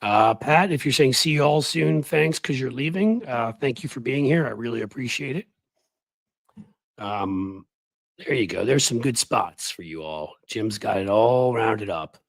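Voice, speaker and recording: Raspy-voiced man hosting a live stream. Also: lowish voice, a little slow, dry recording, poor audio. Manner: animated, blunt and conversational, talking to viewers. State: raspy from the flu. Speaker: political commentary host.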